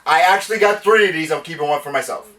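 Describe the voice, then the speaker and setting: A man's voice: a little high, fast, sharp tone. A man hosting a casual geek talk show, rambling through stories with lots of restarts. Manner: rambling storyteller, restarts and self-corrections. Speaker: podcast host. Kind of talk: casual chat. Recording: distant from the mic.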